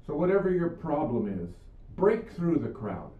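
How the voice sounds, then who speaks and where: A man's voice: a little high, sing-song, normal speed. An older man giving an earnest sermon, telling Bible stories and his own healing story. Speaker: preacher. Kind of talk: video sermon. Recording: echoey room, far mic, phone-like sound.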